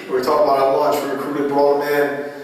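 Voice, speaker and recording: A man's voice: a little high, completely flat delivery, fairly quick. A male coach giving a clinic presentation, telling stories in a casual, joking way. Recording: echoey hall, far from mic.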